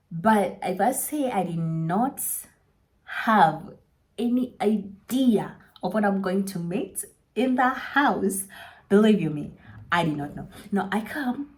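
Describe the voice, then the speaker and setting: A young woman casually telling a personal story to her channel, chatty, sometimes dropping into soft whispers for emphasis. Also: fairly low pitch.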